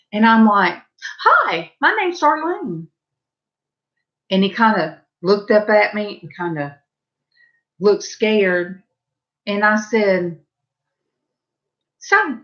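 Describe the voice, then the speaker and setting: A middle-aged woman with a Southern drawl tells rambling stories at an easy, unhurried pace, chatting casually to her viewers. Her voice sits at an ordinary pitch and brightens when she quotes herself. The recording is muffled and lo-fi. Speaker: vlogger. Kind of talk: casual storytelling.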